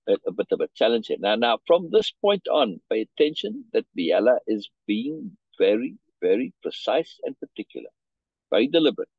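Man reading and explaining a story, husky voice, dry muffled call audio, keeps asking "right?". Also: mid-range voice, a little mellow, no room sound. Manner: checks in often with "right?"; restarts and repeats words. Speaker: teacher reading a story aloud. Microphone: video call.

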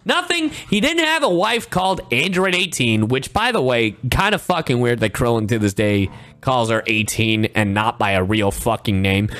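A young man reacting to a video, sarcastic and profane, jumping between high mock-cheerful lines and low deadpan asides. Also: moderate pace. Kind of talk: casual reaction commentary.

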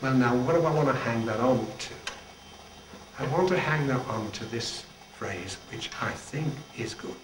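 Older guy giving a chatty little sermon, chuckles a lot, mid pitch, noisy echoey room. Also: lively intonation, measured pace, distant mic. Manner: chatty, humorous, with chuckling asides. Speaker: retired Salvation Army general leading devotions. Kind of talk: informal devotional talk. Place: church band practice room.

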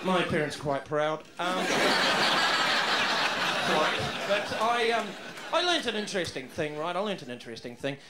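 A man doing a stand-up comedy set on a club stage, loud and excitable, swearing freely and working the crowd. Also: sits high, moderate pace, heavy background noise. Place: comedy club stage in front of a live audience. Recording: roomy club sound with crowd laughter.

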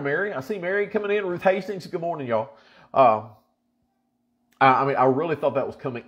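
A man's voice: on the low side, muffled recording. A man, a pastor chatting casually and then reading Scripture with emphatic, folksy repetition. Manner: emphatic, folksy, repeats for stress. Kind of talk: casual chat and Bible reading.

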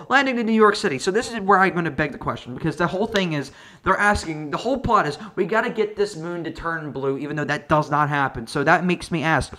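Sarcastic high-voiced man ranting. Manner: sarcastic, profane, riffing. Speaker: online video reviewer. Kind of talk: comedic movie review rant.

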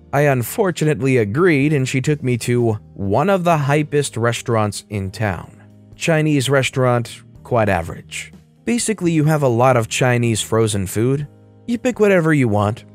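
Guy reading a reddit-style story out loud, mid-pitched voice, dry sound, some quiet music under it. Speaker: storytime narrator. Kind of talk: scripted narration of an online story.

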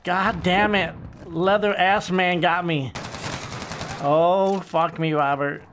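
High-voiced gamer dude cracking crude jokes, slow drawl, gunfire going off behind him. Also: male voice, fairly even intonation, background noise. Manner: mock-friendly taunting, crude jokes, exclaiming at surprises. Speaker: gamer streamer. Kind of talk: crude joking gameplay commentary. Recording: gameplay audio with gunfire behind. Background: game gunfire and explosions.

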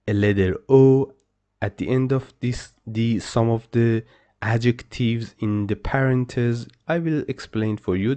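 A male language teacher who takes his time, speaking slowly and leaving long gaps between phrases. He gives each word more than once in a patient, explaining way. His voice is dark and mellow. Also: medium pitch. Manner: slow, repeats words, patient explaining. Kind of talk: pronunciation lesson.

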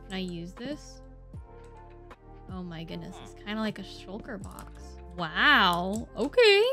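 A woman's voice: a little high, a bit bright. A woman hosting a let's play, chatting playfully through her gameplay and laughing often. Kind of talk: casual gameplay commentary.

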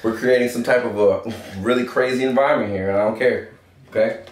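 A man's voice: medium pitch, steady tone, brisk. A man giving a casual, joking, profane review, full of swearing and banter. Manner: brash, joking, swears a lot. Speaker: cannabis strain reviewer. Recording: echoey room with faint noise.

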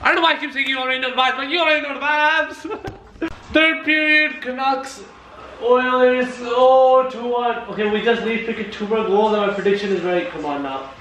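A man reacting live to a hockey game, shouting, cheering and swearing. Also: very high voice, fairly even intonation, fairly quick, echoey room, slight background noise.

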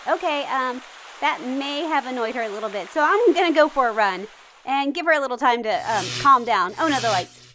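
A woman's voice: high-pitched, pushed and bright. A woman hosting a gaming channel, giving cheery, jokey and dramatic running commentary as she plays. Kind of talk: playful game commentary.

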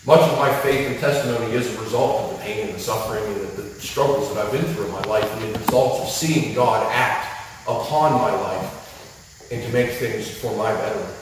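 A middle-aged man preaching a sermon, earnest and building up into a loud rhythmic list at times. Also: lowish voice, normal speed. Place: church hall. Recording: echoey hall from far off, faint noise.

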